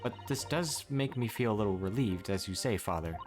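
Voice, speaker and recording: A man reading as a courteous young woman in disguise, formal and devoted, with lively, varied intonation in his own register. Game music plays behind him. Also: lowish voice, a little fast, natural voice. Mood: earnest. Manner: formal, gentle, devoted phrasing. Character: earnest, polite young woman disguised as lawyer.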